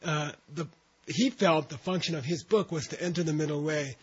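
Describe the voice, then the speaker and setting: A man lecturing a classroom, leading his students through a reading one syllable at a time and stopping to explain what the words mean. His voice sits a little high for a man. The recording is muffled and lo-fi. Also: moderate pace, slightly rough. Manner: patient, breaks words into syllables for students to repeat. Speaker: teacher. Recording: dull lo-fi recording.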